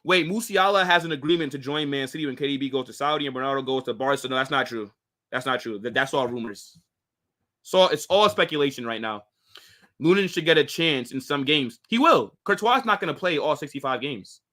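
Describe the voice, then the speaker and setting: A man's voice: medium pitch, expressive, brisk, pushed and bright. A young American man hosting a casual football live stream, reading viewer comments and answering in slangy talk full of "bro" and "like". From United States. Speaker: football channel host.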